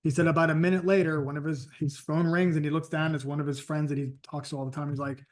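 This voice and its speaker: A man's voice: fairly high pitch, flat delivery, quick pace. A man coaching on sales and prospecting, telling stories in an emphatic, conversational way. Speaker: sales and network marketing coach. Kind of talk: motivational training talk.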